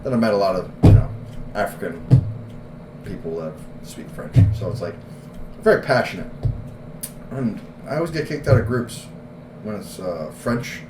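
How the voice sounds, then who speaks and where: A man co-hosting a podcast in casual chat, laughing often, swearing and telling animated stories. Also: fairly low pitch, moderate pace, long pauses. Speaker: podcast co-host. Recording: echoey room with background noise.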